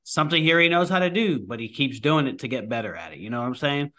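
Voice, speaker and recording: A man's voice: mid-range voice, expressive, fast talker, sharp tone. A man, a firefighter guest, talking casually in a rambling way with many restarts. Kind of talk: casual conversation.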